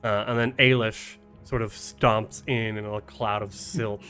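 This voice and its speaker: Brief: male game master, unhurried and halting, faint music under him. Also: lowish voice, steady tone, a bit bright. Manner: halting, full of ums and restarts. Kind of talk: narrating a tabletop game on a charity stream.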